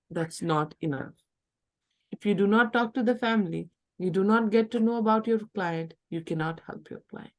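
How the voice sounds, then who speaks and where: A woman's voice: medium pitch, normal speed. A middle-aged woman giving a classroom lecture, acting out what patients and workers might say. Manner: acts out patient and worker lines.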